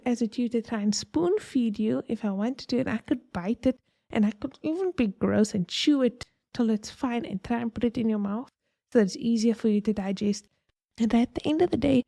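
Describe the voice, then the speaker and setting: A woman's voice: fairly high pitch, gravelly, warm tone, no echo, studio quality. A woman hosting a podcast, explaining ideas in a chatty, digressive way with homely analogies. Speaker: podcast host. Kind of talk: casual explanatory talk.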